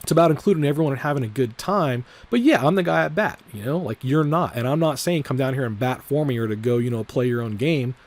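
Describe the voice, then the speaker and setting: A male vlogger talking loosely through his trades at a middle pitch. He rambles, swears freely and leans on filler words, circling back to the same points again and again. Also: expressive, quick pace, hardly any pauses, a little mellow. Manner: repeats his disclaimers over and over. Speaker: trading vlogger. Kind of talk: casual trading vlog commentary.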